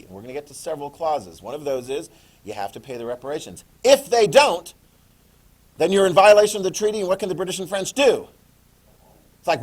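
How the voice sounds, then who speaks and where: A middle-aged man giving a classroom history lecture in a jokey, animated way, acting out quick voices. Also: fairly high pitch. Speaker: history teacher.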